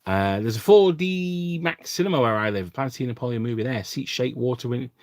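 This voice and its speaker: An English man hosts a casual livestream, chatting with viewers as he paints miniatures, rambling and self-deprecating with plenty of fillers. His mid-range voice is a little mellow, with lively intonation and a slightly fast pace. The studio recording is clean, with no echo.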